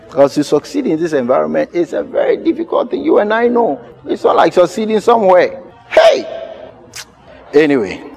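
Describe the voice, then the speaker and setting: A pastor, preaching a sermon with emphatic repetition. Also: male voice, high-pitched, big-room sound. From Ghana. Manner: emphatic, repeats key phrases.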